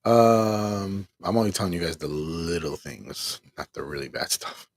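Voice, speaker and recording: A middle-aged man hosting a livestream, talking in a weary, exasperated way with a husky voice and rueful laughs while he reads the chat. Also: sits low, expressive, measured pace. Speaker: livestream host. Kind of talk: venting on a livestream, reading chat.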